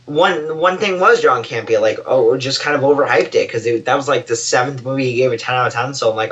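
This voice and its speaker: A man's voice: medium pitch, fast, few pauses, a bit bright. Brief: man co-host, rambling, filler-heavy casual chat, dull lo-fi recording. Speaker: podcast co-host.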